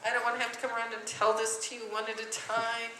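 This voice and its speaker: A female music teacher runs a class, singing solfege note names as demonstrations and quizzing her students. Her voice is on the high side, quick, and completely flat in delivery. The recording is noisy, captured from far off in an echoey classroom.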